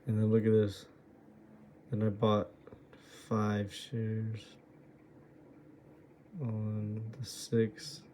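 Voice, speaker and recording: A man's voice: fairly low pitch, monotone, very slow, long pauses, warm tone, slight background noise. A man going over his own trades and muttering to himself, exasperated and swearing at his own choices. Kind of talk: muttering self-critical screen review.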